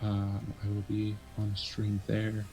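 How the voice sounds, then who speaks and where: A man who is a guest player, chatting casually and bashfully, halting with frequent ums. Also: lowish voice, monotone, dark tone, soft background music, rough recording. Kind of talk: casual stream chat.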